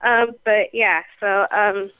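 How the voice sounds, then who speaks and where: A woman's voice: mid-range voice, steady tone, slow, dry recording. An eighteen-year-old woman from Sacramento calling in, giggly and hesitant. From Sacramento, California. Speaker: caller. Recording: tinny phone line.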